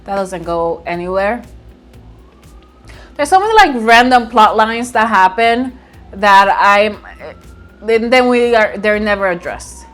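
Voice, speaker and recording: At home beside her window, a woman with a medium-pitched voice casually recaps and reviews a movie. She is chatty and expressive and laughs often while retelling scenes.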